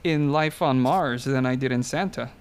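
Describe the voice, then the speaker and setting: A man's voice: medium pitch, moderate pace, clean tone. A man co-hosting a podcast, joking and reflecting in casual chat. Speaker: podcast co-host.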